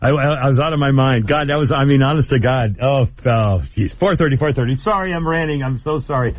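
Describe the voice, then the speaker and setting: A man's voice: medium pitch, brisk. A man hosting a call-in talk radio show, telling rambling stories and laughing easily.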